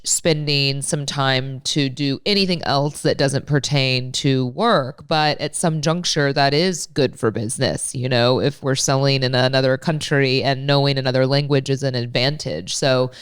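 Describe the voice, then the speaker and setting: A woman in her late thirties co-hosting a podcast, her voice stuffed up from a head cold. Despite the congestion her tone stays smooth and clear, and the sound is dry and close. She rambles in a chatty, self-deprecating way. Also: very deep voice, dry recording. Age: late 30s. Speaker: podcast co-host. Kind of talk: casual podcast chat.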